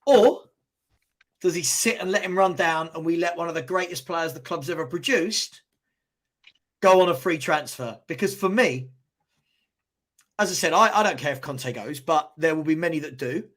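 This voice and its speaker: A man co-hosting a live football fan stream, animated and posing questions with stammering restarts. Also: on the high side, normal speed, pauses often.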